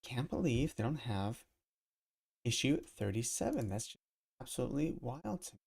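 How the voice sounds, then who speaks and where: A man's voice: mid-range voice, expressive, normal speed, creaky, darkish tone, slightly rough. A man casually talking through a live stream at his computer, rambling and thinking aloud as he goes. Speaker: crypto collectibles streamer. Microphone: desk mic.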